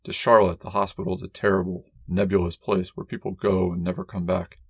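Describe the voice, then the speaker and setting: A man narrating a first-person story as an audiobook reader in a measured, wry, deadpan way. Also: low-pitched, husky, no room sound.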